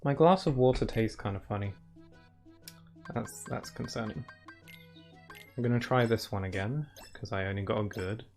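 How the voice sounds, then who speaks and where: A man's voice: fairly low pitch, moderate pace, pauses often, a little mellow. Chatty man streaming a video game. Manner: chatty and rambling, laughs often, many "like" fillers. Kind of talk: casual let's-play commentary. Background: faint game music.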